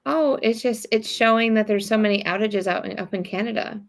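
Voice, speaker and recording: A woman's voice: mid-range voice, fairly quick, creaky. A woman in casual conversation as co-host of a sewing livestream. She talks in a mid-range voice, chatty and encouraging. She reads viewer comments aloud as she goes. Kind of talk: casual chat.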